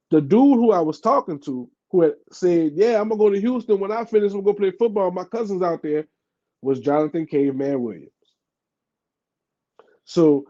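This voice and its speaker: Animated New Orleans man telling a story. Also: on the high side. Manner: animated, acts out quoted voices, heavy fillers. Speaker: podcast guest. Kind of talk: casual storytelling interview. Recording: dull lo-fi podcast audio.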